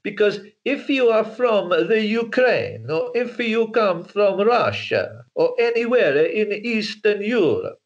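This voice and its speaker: A man's voice: sits high, sing-song, takes it slowly, few pauses. Man on a dull, lo-fi video call. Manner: hesitant, with repeated words and restarts. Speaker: guest, author and filmmaker. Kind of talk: casual interview talk.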